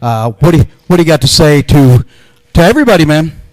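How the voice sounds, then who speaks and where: Excitable high-voiced wrestling interviewer. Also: male voice, fast. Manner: excitable, hyped-up. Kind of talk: in-ring promo interview. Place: wrestling ring.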